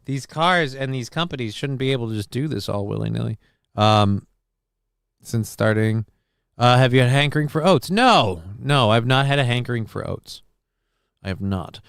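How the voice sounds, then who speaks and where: A man rambles through viewer comments on his live show with a dry, deadpan wit and the odd curse. His voice is smooth and resonant, sitting at an ordinary pitch. The sound is close and dry, with no room echo. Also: normal speed. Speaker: livestream host reading chat. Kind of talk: casual live-stream chat.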